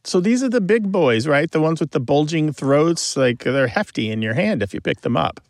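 A man with a gravelly edge to his voice explains language points with eager enthusiasm. His voice is close and dry in a studio, and he talks like a host on a call-in show. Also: fairly high pitch, animated, normal speed, dry recording. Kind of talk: explanatory radio talk.

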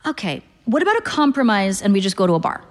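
A woman doing a slow, careful middle-aged man. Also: mid-range voice, sing-song, big-room sound, natural voice.

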